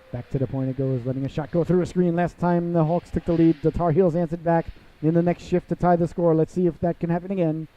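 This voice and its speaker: Theatrical male hockey announcer, lo-fi. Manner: chatty and theatrical, calls the audience "ladies and gentlemen"; bursts into excited high calls on goals. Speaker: play-by-play announcer. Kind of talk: live hockey play-by-play commentary. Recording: dull lo-fi broadcast audio.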